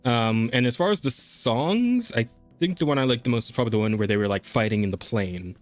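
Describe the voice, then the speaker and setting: A man's voice: medium pitch, expressive, a little fast, soft background music. A man co-hosting a casual podcast, swearing freely, laughing a lot and restarting his sentences. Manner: loose and profane, laughs often, stammers on restarts. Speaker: podcast co-host.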